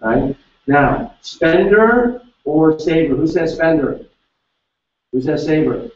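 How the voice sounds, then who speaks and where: A man leading a live seminar, energetically quizzing the audience with quick questions. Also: a little high, animated. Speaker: seminar speaker. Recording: echoey hall, distant mic, dull sound.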